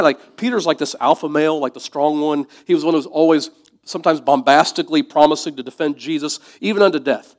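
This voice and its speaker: A man preaching a sermon in a conversational, reflective way, dropping to soft asides. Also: fairly high pitch. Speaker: pastor.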